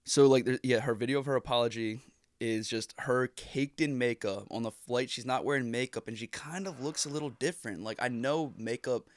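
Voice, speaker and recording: Man co-hosting a podcast, mid-pitched voice, dry close sound, rambling, swears a lot. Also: fairly quick, no room sound. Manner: rambling, laughing, swearing storyteller. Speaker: podcast co-host. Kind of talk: casual chat.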